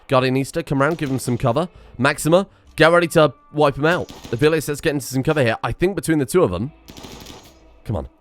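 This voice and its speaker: A man giving excitable let's play commentary on a strategy game, muttering one moment and shouting the next. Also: fairly high pitch, fast talker. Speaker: gameplay commentator.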